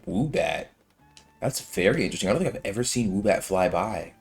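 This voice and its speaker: This lively, fairly quick voice belongs to a young let's-play gamer in his twenties, pitched on the low side and touched with vocal fry. Soft music sits in the background as he gives rambling, slang-filled commentary on his gameplay, padded with plenty of fillers.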